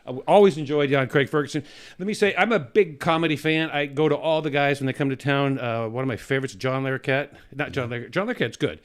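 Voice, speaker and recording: A man hosting a loose, comedic talk show who rambles from joke to story. He restarts sentences often and keeps a relaxed, joking tone. His voice sits in an ordinary middle register. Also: medium pitch, quick pace. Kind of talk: casual comedic chat.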